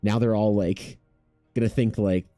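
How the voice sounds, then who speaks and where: A man in his thirties chatting casually while streaming his art, laid-back, swearing freely and mimicking people in a higher voice. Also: steady tone, a little slow, warm tone, no echo, faint music behind. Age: 30s. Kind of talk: casual chat with chat.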